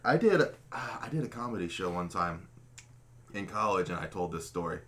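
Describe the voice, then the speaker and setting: In casual storytelling among friends, a podcast host spins a long, funny tale from his childhood, profane and self-mocking throughout. He has a low-pitched, expressive, slightly bright voice and a moderate pace.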